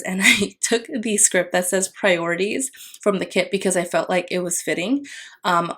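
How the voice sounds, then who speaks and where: A woman's voice: fairly low pitch, a bit bright. A young adult woman casually narrating a plan-with-me voiceover, chatty with frequent fillers and little apologies. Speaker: planner vlogger.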